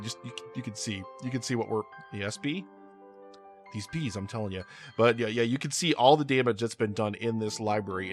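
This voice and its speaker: Bright-voiced man rambling over gameplay. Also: mid-range voice. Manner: rambling, repeats words, many fillers. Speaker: gaming channel host. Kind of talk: casual gameplay commentary.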